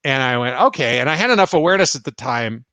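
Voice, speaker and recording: A man from the United States hosting a live spiritual Q&A, his voice at a middle pitch and caught close and dry. He laughs easily as he tells stories and answers viewers. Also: fast talker, clear, resonant tone, no room sound. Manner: laughs often, animated retelling. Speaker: spiritual teacher and healer. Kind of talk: live-stream Q&A, storytelling.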